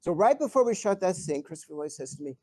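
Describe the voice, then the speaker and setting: Before an audience in an event hall, an older male guest speaker answers questions with live anecdotes. He's an animated storyteller who chuckles and restarts often, talking quickly in a high-pitched voice.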